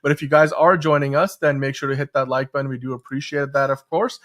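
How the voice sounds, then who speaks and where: A man's voice: medium pitch, fairly even intonation, quick pace, a bit bright. A man hosting a casual fan news show, chatty and loose with lots of fillers and restarts. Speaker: show host. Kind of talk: casual podcast chat.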